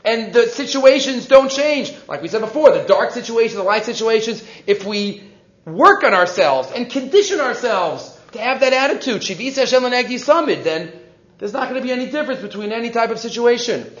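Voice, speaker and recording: A man teaching an evening Torah class, lively and animated, acting out the quoted speeches and mixing in Hebrew terms. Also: extremely high pitch, a little fast. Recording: roomy, dull lo-fi class recording.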